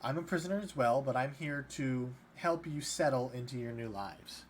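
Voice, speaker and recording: A courteous male prisoner serving as an official in a tabletop game, as a man plays him in an ordinary mid-pitched voice. He speaks haltingly, trips over his phrasing, and explains the rules in a patient, level way. A faint background hiss sits under the voice. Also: lively intonation, close to an everyday voice. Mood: polite. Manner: halting, polite, stumbling over words.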